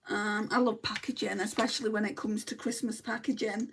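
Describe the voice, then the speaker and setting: A woman's voice: mid-range voice, level tone, fairly quick, creaky, a little hiss or hum. A woman from Lancashire with a Lancashire accent, chatting bluntly while doing her makeup and answering viewer comments. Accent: Lancashire English. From Lancashire, England. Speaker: beauty vlogger. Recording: voice a little distant from the mic.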